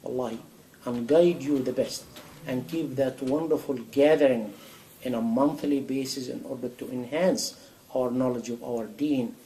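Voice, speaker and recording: A man giving a sermon in a mosque, animated and full of rhetorical questions. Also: mid-range voice, moderate pace, rough recording. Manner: animated, acts out a dialogue with God, rhetorical questions. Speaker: imam answering a question. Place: mosque hall.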